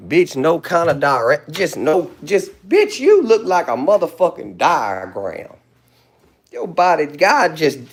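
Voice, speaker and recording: Gravelly high-voiced man ranting. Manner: loud, insulting and rambling. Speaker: livestream host. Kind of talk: profane rant on a live stream.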